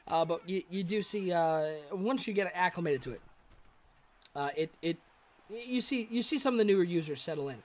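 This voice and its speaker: A man doing live play-by-play commentary of a video game football stream, with excitable calls on big plays and chatting with viewers between plays. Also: high voice, moderate pace.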